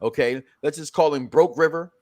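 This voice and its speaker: A man's voice: a little high, normal speed, darkish tone. A man hosting a casual reality-show review chat, joking and rambling, often restarting his sentences. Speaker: podcast host.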